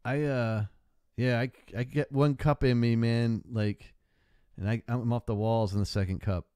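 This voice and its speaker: A man's voice: medium pitch, steady tone, unhurried, a little mellow, clear, resonant tone, no room sound. A man hosting a casual call-in livestream, laid-back and swearing freely, often tossing in "man.". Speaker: call-in show host.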